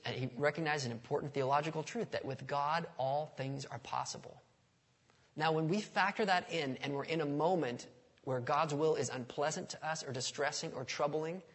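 A man's voice: a little high, slightly rough. A man preaching a sermon in a conversational way, often putting questions to the congregation. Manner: conversational, asks the audience questions. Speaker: pastor. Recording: long reverb of a large hall.

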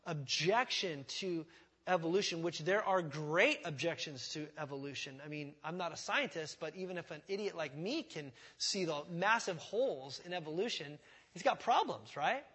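A man's voice: fairly high pitch, lively intonation, normal speed, a bit bright, breathy edge. A man preaching a sermon in a conversational way, with rhetorical questions, asides and self-deprecating humor. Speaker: pastor.

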